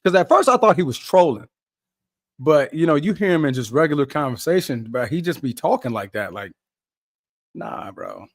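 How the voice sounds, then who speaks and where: Young male podcast host, animated slangy game chatter, slightly high voice, dry close mic. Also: normal speed, no echo. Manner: laid-back slangy chatter, laughs often. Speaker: podcast host doing a live watch-along. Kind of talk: casual live game reaction.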